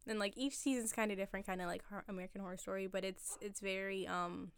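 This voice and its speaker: A woman's voice: medium pitch, steady tone, fast, clean tone. A young woman guest on a podcast, chatting casually and saying "like" a lot. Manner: laid-back, lots of "like" fillers. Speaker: barista guest. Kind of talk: casual chat.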